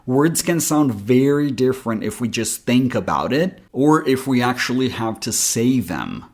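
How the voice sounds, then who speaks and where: A male accent coach talks through a pronunciation lesson, unhurried and deliberate. He lays out rules one at a time and says example words aloud. His pitch sits at an ordinary middle level. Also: sing-song, darkish tone. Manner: slow, careful explanation with spoken examples.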